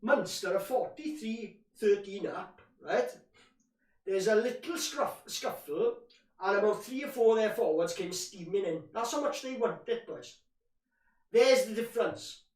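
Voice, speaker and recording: Unhurried yet expressive, a high-pitched man delivers live watch-along commentary on a match as a fan. He rants out of frustration and keeps calling his listeners "boys," with roomy echo and a distant mic.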